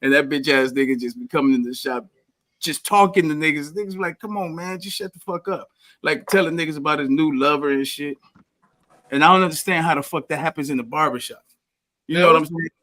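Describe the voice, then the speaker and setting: A man's voice: fairly high pitch, fast talker, sharp tone. A man hosting a podcast, telling a funny barbershop story in casual, profane banter and laughing as he goes.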